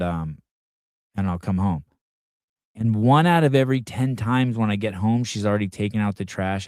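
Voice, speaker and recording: A man's voice: fairly low pitch, darkish tone, dry recording, studio quality. A middle-aged man hosting a live podcast, telling rambling, profane stories in a casual chat. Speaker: podcast host.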